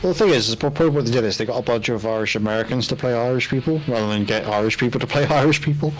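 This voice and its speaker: A man's voice: medium pitch, very fast, faint music behind, poor audio. Chatty British man hosting a stream. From United Kingdom. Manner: chatty, laughing, apologetic. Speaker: stream host. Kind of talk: casual stream chat.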